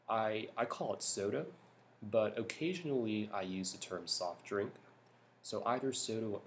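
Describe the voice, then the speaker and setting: A young man from California talking softly in a hushed voice at home at night for a vlog, rambling with lots of ums and restarts. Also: lowish voice, unhurried, slight background noise. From California, United States. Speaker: YouTuber. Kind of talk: soft-spoken vlog talk.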